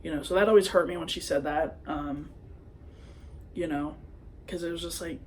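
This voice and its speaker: A man's voice: a little high, fairly even intonation, normal speed. A young man vlogging into his phone, telling a personal story in a hesitant, rambling way full of fillers. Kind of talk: confessional personal vlog.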